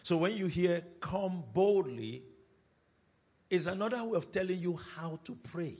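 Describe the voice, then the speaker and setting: A man's voice: high voice, lively intonation, darkish tone, slightly rough, muffled recording. A man preaching a sermon, reading scripture and repeating his key points with emphasis. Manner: emphatic repetition, slow deliberate phrasing.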